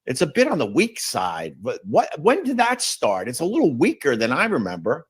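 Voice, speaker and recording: A man's voice: medium pitch, huge pitch swings, moderate pace, husky. A man streaming to his viewers, rambling and grumbling about things in a long monologue. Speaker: streamer in a played video.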